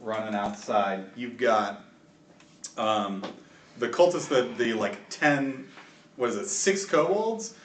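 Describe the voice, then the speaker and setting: A man narrating a tabletop game as game master, chatty and loose with plenty of filler words. His mid-pitched voice sits back from the mic in an echoey room with some faint noise. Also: takes it slowly, recorded from a distance.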